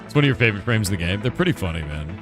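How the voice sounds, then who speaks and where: A middle-aged man streaming a casual chat about making his game, laid-back and quick to laugh, calling people "dude" and reading chat questions aloud. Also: lowish voice, big pitch swings, music in the background. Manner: reads chat questions aloud and answers them.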